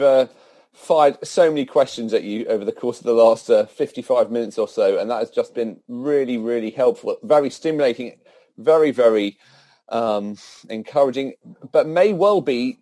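A man hosting a church event, giving closing announcements with many halting fillers. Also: medium pitch, dark tone, no echo.

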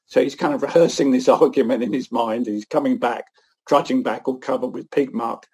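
Earnest man preaching, husky. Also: medium pitch, a little fast. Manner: earnest, animated, often restarts phrases. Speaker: guest speaker at a church event. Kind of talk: sermon-like talk.

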